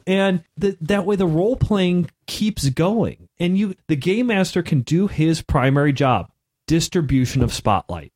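Playful high-voiced man. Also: lively intonation, unhurried, a little mellow. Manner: playful, jokey. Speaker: podcast co-host and game master. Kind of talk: casual chat.

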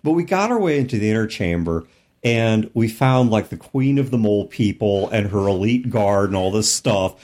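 Animated middle-aged man telling game stories. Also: fairly low pitch, moderate pace. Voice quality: gravelly from old throat damage. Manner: animated, laughing often, voice jumping up when excited. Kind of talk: casual storytelling about tabletop games.

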